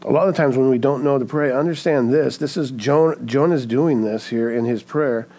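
Guy preaching a sermon, earnest, keeps asking right?, mid pitch. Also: moderate pace, dark tone. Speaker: pastor.

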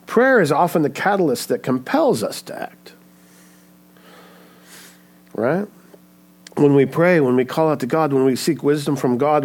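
A man preaching a sermon in an earnest way, often checking in with "right?". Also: medium pitch. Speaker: pastor.

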